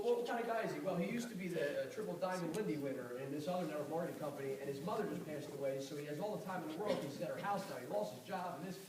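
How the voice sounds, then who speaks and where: A man giving a fast, animated motivational talk on network marketing to a live audience, telling stories with a confrontational edge. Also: high-pitched. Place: event hall with audience. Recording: echoey room, far mic, audible noise.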